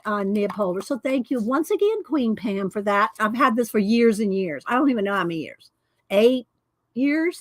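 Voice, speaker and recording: A woman's voice: on the high side, no echo. A woman hosting an art livestream, chatting casually and rambling as she thanks viewers by name. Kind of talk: casual chat.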